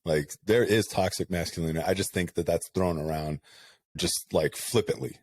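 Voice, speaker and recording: A man's voice: sits low, normal speed. A man in his thirties co-hosting a casual podcast chat, speaking candidly and telling stories with many asides. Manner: candid, animated storyteller, rambling with many asides. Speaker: podcast co-host.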